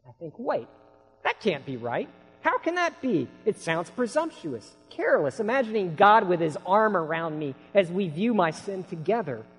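Male pastor, slightly high voice, dramatic storyteller in a sermon, echo of a big hall. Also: very animated, normal speed, breathy edge. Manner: dramatic storytelling, swinging from hushed to shouting. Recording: long hall reverb.

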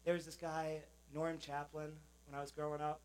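A man's voice: on the high side, completely flat delivery, moderate pace, a little hiss or hum, poor audio. A man, a pastor, giving a sermon in a conversational, informal manner with many fillers.

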